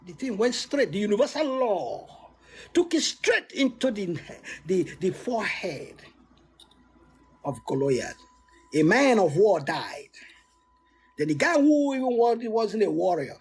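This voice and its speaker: A man with a very high, husky voice gives a motivational talk. He swings widely in pitch, stresses points with sudden lifts, and restarts his sentences often. Laughs slip in between his points. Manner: animated and emphatic, with sudden swoops and frequent restarts. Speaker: motivational speaker.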